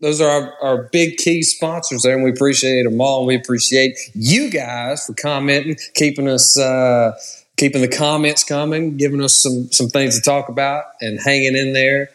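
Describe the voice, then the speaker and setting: Man, easygoing podcast co-host, mid-pitched, casual chat. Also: steady tone, normal speed, fairly bright tone. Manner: easygoing, trails off and restarts.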